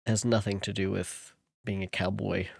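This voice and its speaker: Relaxed young man with a low voice. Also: normal speed, creaky, slightly rough, no echo, clean studio sound. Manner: relaxed, chatting with viewers between read passages. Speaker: streamer reading a novel aloud. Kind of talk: casual chat mixed with reading aloud.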